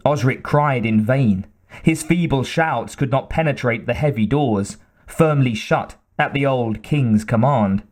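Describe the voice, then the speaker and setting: Male narrator, mid pitch, very slow measured audiobook reading. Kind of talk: scripted narration.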